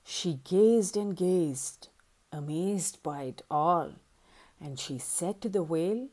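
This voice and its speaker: A woman reading a rhyming picture book aloud as a storyteller, with a sing-song, expressive delivery. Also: on the low side, slow.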